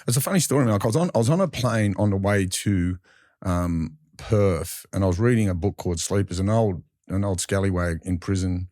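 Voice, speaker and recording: Low-voiced Australian man telling his story. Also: fairly quick, darkish tone, no room sound, studio quality. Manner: rambling with frequent restarts and fillers; colloquial, acts out others in dialogue. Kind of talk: candid interview storytelling.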